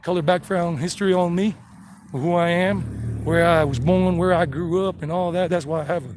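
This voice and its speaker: A high-pitched man with an accent that blends South Carolina and New York talks on a casual live stream while walking outdoors. He rambles in a chatty way, stopping to read viewers' messages. Faint street traffic runs underneath his phone recording. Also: steady tone, normal speed. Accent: mixed South Carolina and New York. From United States.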